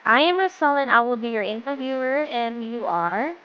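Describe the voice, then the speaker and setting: A man's voice: very high-pitched, animated, normal speed, highs cut off, a little hiss or hum, voice pushed up. A man voicing a prim, formal female job interviewer in a comedy sketch. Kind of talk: comedy sketch role-play.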